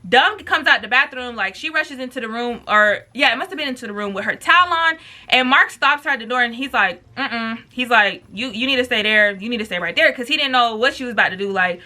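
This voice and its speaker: A woman's voice: on the high side, a little fast. A young woman vlogger telling a storytime tale in a casual, profane, slangy way, acting out what people said. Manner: animated, profane, slangy storytelling with acted quotes. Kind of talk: storytime with mukbang.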